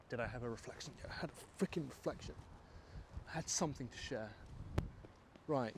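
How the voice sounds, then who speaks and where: A man's voice: medium pitch, a little fast, a little hiss or hum. Posh English man musing aloud. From England. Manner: musing, self-mocking, trails off with fillers. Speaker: filmmaker, vlogger. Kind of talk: rambling vlog monologue. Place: outdoors.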